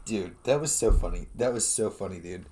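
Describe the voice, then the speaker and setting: A man from Los Angeles co-hosting a podcast, excitable and casual, saying dude a lot. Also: low-pitched, a little fast. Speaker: podcast co-host. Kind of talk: casual chat.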